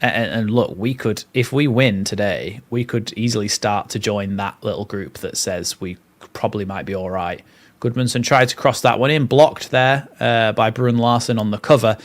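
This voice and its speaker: A man's voice: on the low side, moderate pace. A young man hosting a live watchalong, mixing play-by-play with chatty, rambling asides. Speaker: fan channel host.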